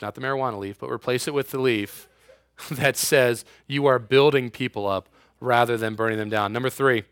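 Animated joking young male preacher. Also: mid-range voice, no echo, clean studio sound. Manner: animated, joking, sarcastic, acts out quotes. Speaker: youth pastor. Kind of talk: sermon.

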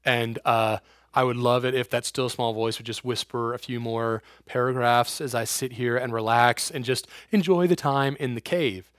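A man's voice: medium pitch, steady tone, moderate pace, a bit bright, no room sound, studio quality, natural voice. A man playing a weary, reluctant prophet who hesitates and mumbles.

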